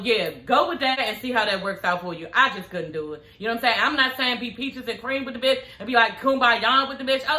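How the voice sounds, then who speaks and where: A woman's voice: high voice, sharp tone, a little hiss or hum. A young woman recapping a reality show in a sassy, profane, outspoken way. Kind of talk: casual recap commentary. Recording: echoey room.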